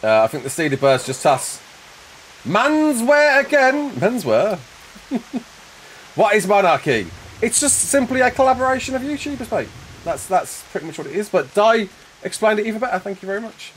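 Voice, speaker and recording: A young man chatting casually with viewers while playing a game live, quick to laugh and often restarting his sentences. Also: sits high, very animated, a little hiss or hum. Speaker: live streamer.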